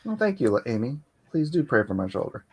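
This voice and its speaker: A man's voice: mid-range voice, sing-song, brisk, slightly rough. A man hosting a casual livestream chat on a computer mic, rambling and laughing often. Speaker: livestream host. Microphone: computer mic on a video call.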